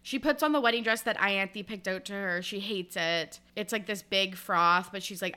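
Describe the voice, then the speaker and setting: A woman's voice: medium pitch, moderate pace, few pauses, pushed and bright, clear, resonant tone. A young woman co-hosting a podcast, chatting casually through a book recap and acting out characters' lines with lots of "like". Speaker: podcast co-host.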